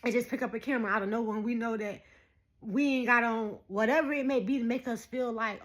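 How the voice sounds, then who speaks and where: Speaking straight to her audience, a woman in her thirties shares a casual spiritual message at a brisk clip in a higher-leaning voice. She's a lively, preachy vlogger who laughs a lot.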